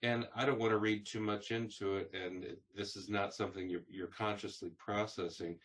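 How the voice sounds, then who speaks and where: A man with a lowish voice conducts an oral history interview. He builds his questions slowly, pausing and restarting as he feels his way. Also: fairly even intonation, fairly bright tone. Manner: searching, hesitant questions.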